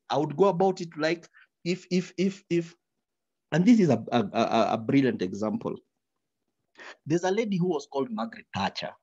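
A speaker giving advice to writers, with a lively, swooping delivery. The talk stumbles over repeated words and dips into quoted examples. It comes through dull, lo-fi call audio. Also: mid-range voice, husky. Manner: animated, repeats words while searching for them, drops into quoted examples. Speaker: writing workshop speaker.

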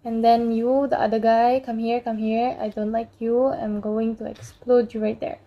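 A woman's voice: a little high, level tone, moderate pace, muffled recording. A woman casually commenting while playing a mobile game, playfully bossing around and threatening the game characters. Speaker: gameplay channel host.

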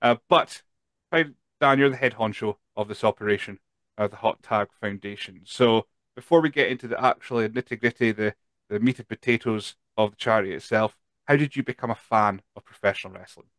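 A man's voice: lowish voice, a little fast, fairly bright tone, dry recording. Scottish man, podcast host, chatty and jokey, dry close sound. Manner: chatty, jokey, loose with restarts. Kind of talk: casual interview chat.

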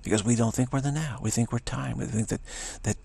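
A man's voice: medium pitch, steady tone, fast talker, darkish tone. An older man giving a rambling spiritual talk, meandering and repeating himself, dropping to a whisper for emphasis. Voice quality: gravelly, husky. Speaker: spiritual teacher.

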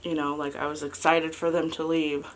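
A woman in her thirties chatting casually as a vlogger and mother, halting and soft with many fillers, fighting back tears. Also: low voice, level tone, a little hiss or hum. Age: 30s. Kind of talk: casual confessional chat.

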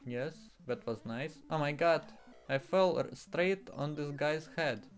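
A man talks through a retro platform game, his voice a touch high and his delivery slow and drawn out. He sounds exasperated, swears and exclaims often. Faint game music plays underneath. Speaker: gaming streamer. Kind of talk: casual game commentary.

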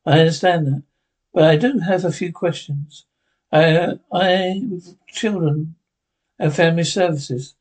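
A man's voice: fairly high pitch, steady tone, measured pace, a little mellow, rough recording. A man reading the part of an officious woman social worker who questions a worried couple politely but insistently. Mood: probing.

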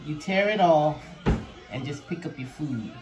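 Low, mellow-voiced woman explaining dishes. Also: animated, unhurried, soft background music. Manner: explains each dish one by one. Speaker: aunt serving a home-cooked meal. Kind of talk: casual home conversation. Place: at home.

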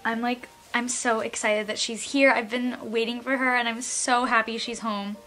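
A young woman vlogging an unboxing, gasping and gushing with delight, often trailing off softly. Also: on the high side, level tone, normal speed, soft background music. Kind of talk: unboxing vlog.

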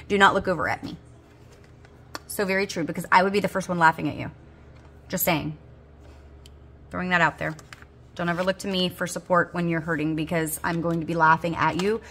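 Gasping and squealing with delight, a budgeting video host in her 40s gushes while casually unboxing her supplies. Her voice is medium in pitch, a bit bright, and husky.

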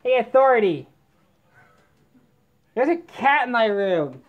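A woman doing a comic sketch rant, exasperated and yelling "no" over and over. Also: on the high side, very animated, slow pace, dull audio. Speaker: comedy video maker.

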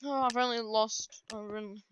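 Woman streamer doing live gameplay commentary; excitable, prone to frustrated outbursts; higher-pitched, slight background noise. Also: moderate pace, dull audio. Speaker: gaming video creator.

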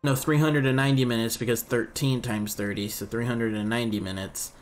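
A young man talks casually over his gameplay at a middle pitch. He rambles, thinks out loud and pokes fun at his own mistakes, with faint music underneath. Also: steady tone, brisk. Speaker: let's play commentator.

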